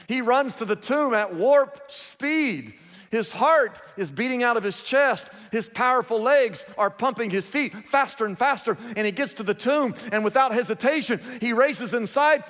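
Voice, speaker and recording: A man's voice: high-pitched, a bit bright, big-room sound. A man preaching a sermon, telling a story emphatically with lots of repetition.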